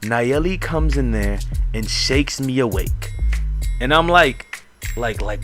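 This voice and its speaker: A young man telling a wild party story in slangy, excitable story-time style, acting out the quoted lines. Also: mid-range voice, slow pace, faint music behind.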